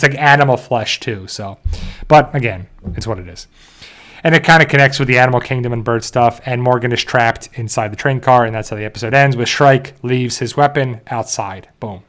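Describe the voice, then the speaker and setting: A man's voice: mid-range voice, fairly bright tone, clear, resonant tone. A man hosting a show, animatedly recapping a TV episode in casual talk and briefly mimicking the characters. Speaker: show host.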